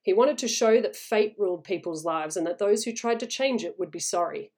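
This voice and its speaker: A woman's voice: mid-range voice, expressive, a little fast, darkish tone, natural voice. A woman voicing a grave, haunted older male soldier who speaks with serious warning.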